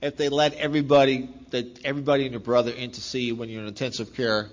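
A man's voice: medium pitch, level tone, fast. A middle-aged man giving a rambling personal testimony, repeating phrases and laughing as he talks. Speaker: speaker sharing recovery story. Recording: dull lo-fi recording with faint noise.

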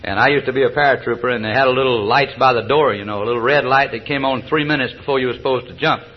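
On a dull old lo-fi tape, an older man from South Georgia in the US talks fast in a medium-pitched voice. He shares his recovery-meeting testimony through folksy stories and jokes, with chuckles and hesitant fillers.

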